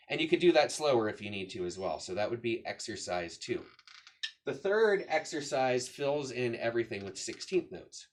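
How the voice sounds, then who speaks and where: A man gives a relaxed drum lesson, counting beats out loud as he plays. His voice sits at an ordinary middle pitch. There is steady background noise with stick clicks behind him. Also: normal speed. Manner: patient, counts beats aloud while demonstrating. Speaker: drum teacher. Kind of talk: casual instructional explanation. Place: room with a drum kit.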